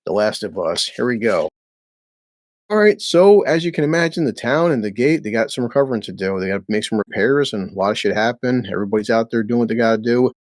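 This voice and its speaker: A man's voice: mid-range voice, lively intonation, fast talker, no room sound. A man giving a casual recap of a TV episode, blunt and sarcastic, swearing freely. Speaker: show recap host.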